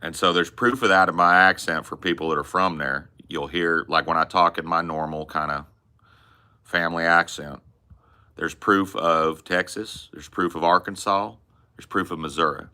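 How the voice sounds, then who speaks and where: Deep, bright-voiced Californian man. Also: fairly even intonation, normal speed, clear, resonant tone. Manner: loose and profane, swearing and calling listeners bro and man. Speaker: podcast host. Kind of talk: casual podcast chat.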